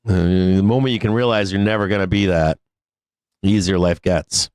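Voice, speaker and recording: A man with a low, fairly even, slightly mellow and smooth voice talks at a moderate pace, with no echo. He hosts a live stock trading stream, chatting casually, swearing constantly, laughing often, and going off on rants.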